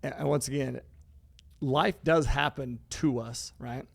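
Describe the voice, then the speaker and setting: A man's voice: mid-range voice, steady tone, unhurried, vocal fry, no echo. A man co-hosting a podcast, talking in an emphatic, casual motivational way and cursing freely. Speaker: podcast co-host.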